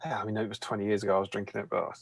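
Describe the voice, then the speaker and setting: A man reads viewer messages aloud on a casual stream, cracking jokes between them. His voice is gravelly and slightly husky. The sound is close and dry. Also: on the low side, level tone, very fast, no echo. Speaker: co-host of painting stream. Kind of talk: casual chat reading viewer comments.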